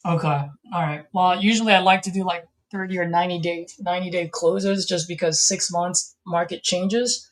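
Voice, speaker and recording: A man's voice: high-pitched, little pitch movement, normal speed, hardly any pauses. A man on a live call session, talking to a seller in an easygoing, friendly way. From California. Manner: easygoing, friendly, casual phone patter. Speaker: host, real estate investor calling sellers.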